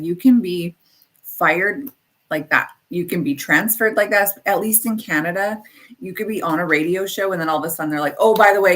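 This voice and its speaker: A woman's voice: lowish voice, a bit bright. A woman co-hosting an online morning show, chatting casually and reading out where to find the show. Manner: chatty, reads out show plugs. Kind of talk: casual chat.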